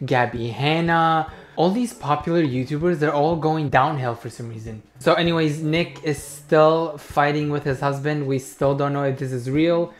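A man's voice: a little high, moderate pace, few pauses. Young guy doing reaction commentary, sarcastic, swears a lot, echoey room. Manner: mocking, sweary, incredulous. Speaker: commentary YouTuber.

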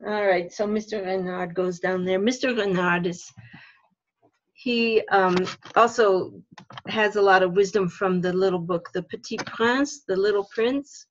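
A woman leading a religious education workshop, explaining ideas slowly and thoughtfully, step by step. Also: mid-range voice, muffled recording. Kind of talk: workshop talk for teachers.

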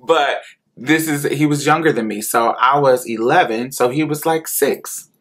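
A man from Indiana, an adult with a rural accent, tells his own story slowly and honestly, laughing often and going back over the same points. His voice is medium-pitched and a bit bright.

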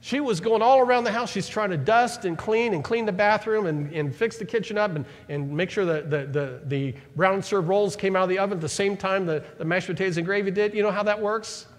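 A male pastor preaching a sermon to his church, animated, acting out the words of the people in his story. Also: high-pitched, brisk, few pauses. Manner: animated preaching, acts out Bible figures' words. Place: church sanctuary. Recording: church hall reverb.

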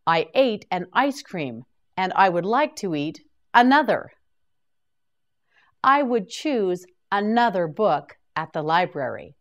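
Slow, lively-voiced woman teaching vocabulary. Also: on the low side, highs cut off. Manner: clear, deliberate drilling with repetition prompts. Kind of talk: slow scripted vocabulary lesson.

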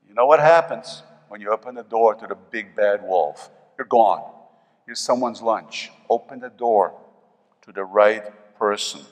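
Older New York pastor preaching. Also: male voice, fairly low pitch, measured pace. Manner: dynamic preaching, swings between loud emphasis and soft asides. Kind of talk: sermon. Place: church sanctuary. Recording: long reverb of a church hall.

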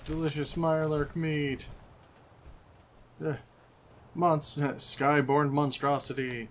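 A man's voice: a little high, little pitch movement, takes it slowly, a little hiss or hum. Chatty man narrating a game. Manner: chatty, amused, talks to things on screen. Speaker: gaming channel host. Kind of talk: casual let's-play commentary.

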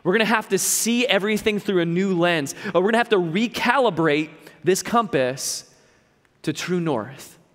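A man's voice: sits high, expressive, moderate pace, a bit bright, in a large hall. A young man giving a sermon as a pastor, telling a personal story in a conversational way with lots of repeats and fillers. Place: church hall.

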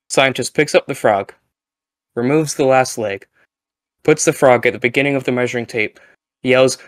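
A man in a casual gaming chat, telling a long joke with playful, loud quoted lines. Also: medium pitch, moderate pace, dry recording. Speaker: co-host.

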